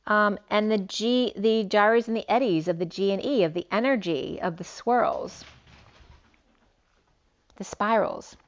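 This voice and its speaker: A woman's voice: medium pitch, unhurried, lo-fi sound. A woman giving a solo spiritual reading, rambling and free-associating from one idea to the next. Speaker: spiritual reader.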